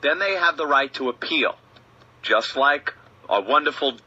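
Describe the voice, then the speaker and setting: A male radio host chatting casually, animated as he tells stories and acts out little scenes. His tone is very bright and forceful. The sound is muffled and lo-fi, like an old radio broadcast. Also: on the high side, a little slow, husky. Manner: animated storytelling with acted-out bits.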